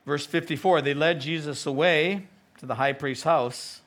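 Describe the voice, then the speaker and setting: A male pastor with an American accent preaching a sermon, telling the story with animated delivery and acted-out voices. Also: on the high side, moderate pace. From United States.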